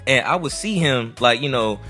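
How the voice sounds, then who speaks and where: Bright-voiced laid-back man. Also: mid-range voice, expressive, moderate pace, faint music behind. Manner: laid-back, lots of fillers, mimics others. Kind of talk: casual chat.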